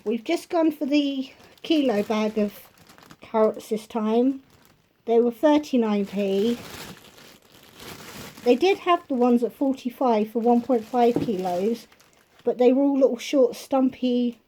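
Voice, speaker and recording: A woman's voice: on the high side, slow, dark tone, slight background noise. A woman vlogging a grocery haul from her kitchen at home, talking casually and rambling into chatty asides.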